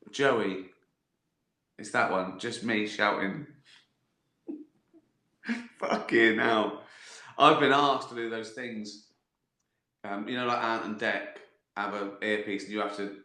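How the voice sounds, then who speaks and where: A man's voice: on the low side, bright, forceful tone, roomy sound. A middle-aged man with a West Country accent, chatting casually on a livestream, answering viewer questions with rambling, profane comic stories and giggles. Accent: West Country English. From West Country, England.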